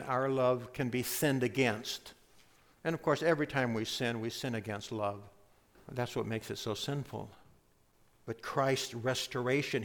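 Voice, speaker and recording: Earnest male pastor preaching in a hall. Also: medium pitch. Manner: earnest, explains scripture step by step. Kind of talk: sermon. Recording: long hall reverb.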